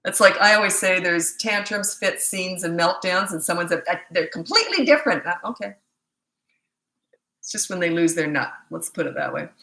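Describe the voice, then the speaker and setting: A woman's voice: fairly low pitch, fairly even intonation, brisk, vocal fry, few pauses, bright, forceful tone, rough recording. A middle-aged woman from Canada, a parenting coach, answering viewer questions in a casual, blunt, matter-of-fact livestream chat.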